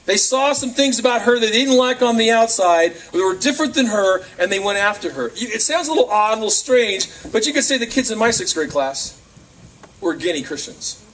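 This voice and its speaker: Animated man preaching to kids. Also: sits high, fairly quick. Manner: animated storyteller acting out voices. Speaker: camp speaker. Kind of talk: youth talk. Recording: distant camcorder mic with faint room noise.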